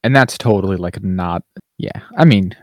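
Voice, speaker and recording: A man's voice: low-pitched, normal speed, no echo, studio quality. A man co-hosting a podcast, chatting casually about a TV show in a rambling way, with lots of fillers and restarts. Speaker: podcast co-host. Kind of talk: casual chat reviewing TV.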